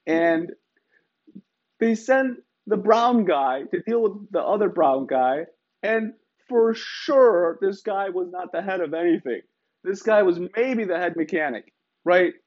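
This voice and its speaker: A man's voice: high-pitched, lively intonation, slow, a little mellow. A man from Iran telling a story in a wry, emphatic way, often adding rhetorical tags. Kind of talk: casual storytelling. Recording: slightly dull, lo-fi sound.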